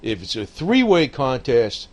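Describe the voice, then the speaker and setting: Rambling, laughing man with a lively voice. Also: mid-range voice, a little slow. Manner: rambling, profane, laughs often, frequent "man" and "I don't know". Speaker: political commentator. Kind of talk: casual rambling monologue.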